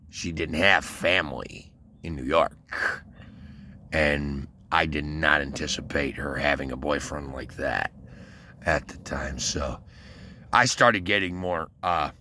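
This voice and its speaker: Slow and sharp-toned, a bass-voiced man from Westland, Michigan, US, works through a long, profane, rambling monologue about his military days, stopping and restarting amid fillers. There's slight noise in the background.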